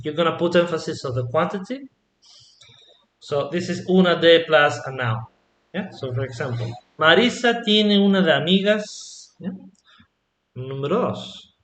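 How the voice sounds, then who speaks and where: A man teaching a casual online language lesson in a relaxed way, often prompting with short checks and murmured approvals. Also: sits high, roomy sound. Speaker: Spanish teacher.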